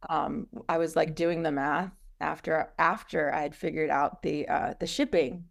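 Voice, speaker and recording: Gravelly low-voiced woman chatting. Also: fairly even intonation. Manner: chatty, frequent fillers, quick asides. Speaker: guest, business co-founder. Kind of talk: casual interview chat.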